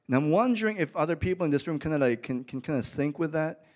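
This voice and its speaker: This middle-aged male pastor delivers a sermon to a church audience, telling stories that climb to emphatic peaks. He talks fast and animatedly, with a fairly high, slightly mellow voice.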